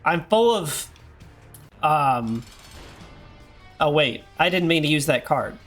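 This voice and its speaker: Hoarse rambling male streamer. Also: a little high, expressive, slow, pauses often, a bit bright, soft background music. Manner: rambling, self-deprecating, many fillers. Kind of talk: casual gameplay chat.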